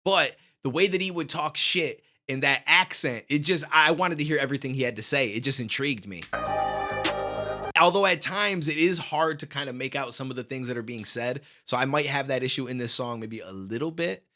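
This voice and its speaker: A man's voice: medium pitch, animated, brisk, bright, forceful tone, soft background music. A man hosting a reaction video, chatting casually and with energy, full of slang, on a studio microphone. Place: home studio.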